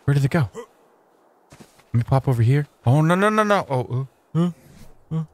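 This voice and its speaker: A young man giving casual let's-play commentary, excitable and playful, chatting with his in-game creatures in slang. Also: a little high, measured pace. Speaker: gaming YouTuber.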